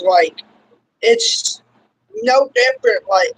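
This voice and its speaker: A man's voice: very high-pitched, moderate pace, a little hiss or hum, low-quality recording. A young man from Kentucky with a Southern accent, hosting a casual interview and rambling loosely with lots of "like" and "y'all". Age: young adult. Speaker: interviewer, show host.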